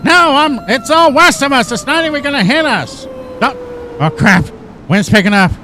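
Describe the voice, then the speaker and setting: A man voicing a reckless, cocky male storm chaser who brags from his backyard, with lively pitch swings. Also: normal speed, slight background noise, exaggerated voice. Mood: nervous. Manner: brash, then panicky shouting.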